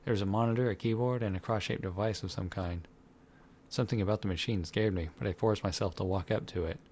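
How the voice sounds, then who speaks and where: A man's voice: lowish voice, fast, a little mellow, slight background noise. A man reading a visual novel aloud as a let's player, narrating dramatically with crude asides. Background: game music.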